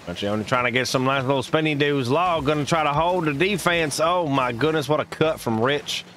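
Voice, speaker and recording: A man's voice: fairly high pitch, a little fast, a bit bright, a little hiss or hum, voice pushed up, close to an everyday voice. A man putting on a Southern US accent as a folksy male esports caster, hyped and full of goofy made-up slang. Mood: excited. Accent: put-on Southern US. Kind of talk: live esports commentary.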